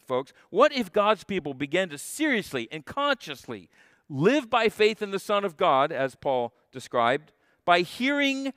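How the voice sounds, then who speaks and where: A man preaching in a church with a fairly high voice. He leans hard on key phrases and slows to repeat them. The sound is dry and close. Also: fairly bright tone, clear, resonant tone, dry recording. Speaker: guest pastor. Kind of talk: sermon. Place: church sanctuary.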